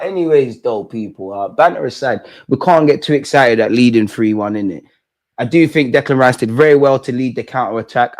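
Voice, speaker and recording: A young man hosting a live football watch-along, reacting with slangy banter that swings from loud shouting to low muttering. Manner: slangy banter, swears at the screen. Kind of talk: live match reaction commentary.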